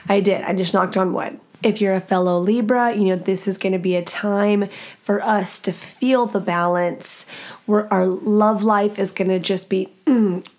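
A woman's voice: medium pitch, steady tone, measured pace, darkish tone. A woman in her early thirties hosting her own podcast, talking candidly and profanely in casual solo chat. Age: early 30s. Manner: candid, profane and chatty, with laughs. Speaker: podcast host.

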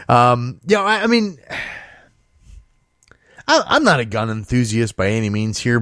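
Sarcastic, animated male show host. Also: medium pitch, no echo, clean studio sound. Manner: sarcastic, profane, animated storytelling. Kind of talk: casual comedic news commentary.

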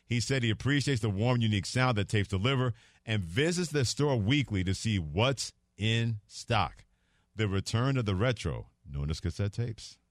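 A man's voice: on the low side, moderate pace, no room sound. Chuckling male radio host, dry studio. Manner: laughs easily, animated storytelling. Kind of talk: casual radio chat. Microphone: studio microphone.

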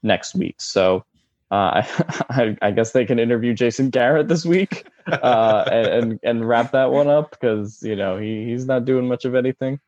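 A man co-hosting a casual sports podcast, talking in halting phrases full of fillers and restarts. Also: mid-range voice, darkish tone, dry recording. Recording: dull, muffled dry audio.

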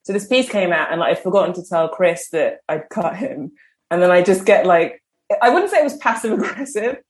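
A woman's voice: on the low side, animated, fairly quick. A woman with a London English accent, a guest chatting casually on a podcast, laughing often and using lots of fillers. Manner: giggly, chatty, many fillers. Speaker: guest writer.

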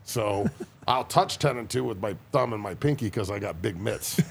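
A man's voice: fairly low pitch, lively intonation, moderate pace, gravelly, husky. A man and former football player chatting on a podcast as a guest, telling rowdy, profane stories. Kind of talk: casual podcast chat.

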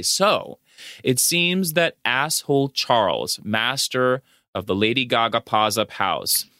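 A man co-hosting a casual podcast, recapping a film with animated storytelling and mock quotes. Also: medium pitch, slow, no echo, studio quality. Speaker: podcast co-host. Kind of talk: casual movie recap chat.

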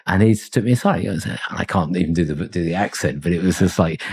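Brief: middle-aged male guest, deep husky voice, reflective and meandering. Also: lively intonation, quick pace, hardly any pauses, darkish tone. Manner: reflective, rambling with fillers and chuckles. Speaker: consultancy founder, podcast guest. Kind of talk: conversational interview.

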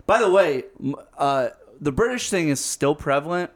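A man co-hosting a sports podcast, chatting casually, blunt and quick with jokes. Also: a little high, lively intonation, a loud crowd. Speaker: podcast co-host. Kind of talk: casual chat.

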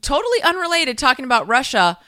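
A woman's voice: sits high, very animated, quick pace, pushed and bright. A woman in casual podcast chat, blunt and profane, often laughing.

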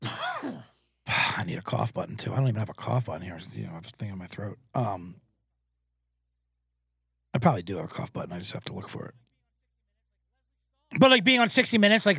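Excitable, rambling male podcast host. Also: lowish voice, a little fast, creaky, pauses often, breathy edge, no echo, clean studio sound. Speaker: podcast host and sports bettor. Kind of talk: casual sports betting rant. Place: small booth, alone.

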